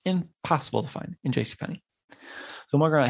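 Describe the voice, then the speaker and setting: A man's voice: a little high, quick pace, creaky. A young man, hosting a podcast and telling a story on his own, casually, acting out the quotes and swearing when annoyed. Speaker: podcast host.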